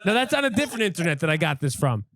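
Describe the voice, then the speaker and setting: Male co-host, self-mocking and goofy, higher-pitched, dry mic. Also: very animated, very fast, fairly bright tone, no echo. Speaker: podcast co-host. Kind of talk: casual chat.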